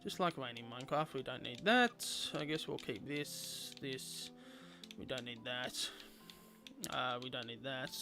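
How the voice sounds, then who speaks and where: A man's voice: mid-range voice, a little slow, music in the background. A young man chatting playfully with viewers while streaming a game. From Australia. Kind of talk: casual gameplay livestream chat.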